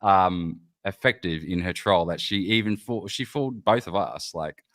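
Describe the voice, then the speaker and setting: Low-voiced bright teasing male co-host. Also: moderate pace, no room sound, studio quality. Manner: teasing, chatty, many restarts. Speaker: podcast co-host. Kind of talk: casual banter about news.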